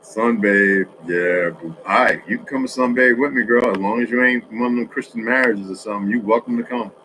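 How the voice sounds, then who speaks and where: Profane, rambling man with a bright voice. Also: lowish voice, a little fast, a little hiss or hum, rough recording. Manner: profane, rambling, streetwise storytelling. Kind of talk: rambling casual monologue.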